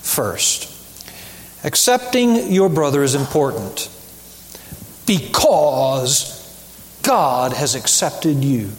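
A male pastor preaching a sermon, emphatic, with rhetorical questions and deliberate repetition. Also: medium pitch, big pitch swings, in a large hall. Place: church sanctuary.

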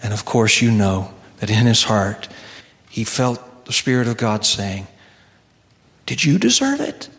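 A man preaching a sermon and telling a story, earnest, slowing down for key lines. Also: lowish voice, fairly even intonation, a bit bright, big-room sound.

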